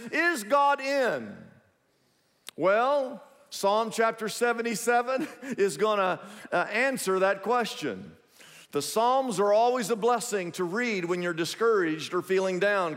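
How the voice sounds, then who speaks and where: Male preacher, high and lively delivery, call-and-response sermon, drawn-out phrasing. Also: in a large hall. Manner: call-and-response preaching, rising to shouts on questions. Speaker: pastor.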